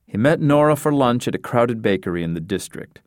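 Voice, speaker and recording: A man narrates an audiobook from a script in an even, measured storytelling style. His pitch is medium, and the studio sound is clean with no room sound.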